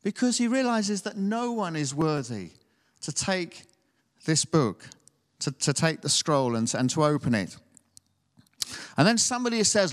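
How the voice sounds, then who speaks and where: A man's voice: high-pitched, big pitch swings, unhurried, long pauses, in a large hall. A man preaching a sermon, reading scripture and then talking conversationally, often asking the congregation tag questions.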